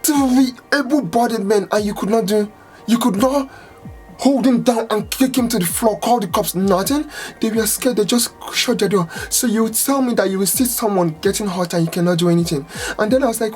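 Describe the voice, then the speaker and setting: A woman salon owner giving an impassioned, angry rant to camera, exasperated and swearing, with outbursts that climb in pitch. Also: brisk, darkish tone, faint music behind. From United States.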